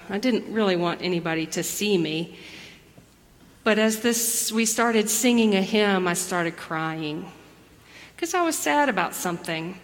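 Woman, pastor, gentle storyteller, long church reverb. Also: mid-range voice. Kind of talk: children's message and sermon. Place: church sanctuary.

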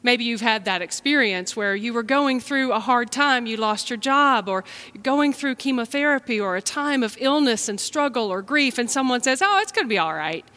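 For an online service, an American woman who serves as pastor shares a children's message and sermon in a calm, unhurried way. Her voice is slightly high.

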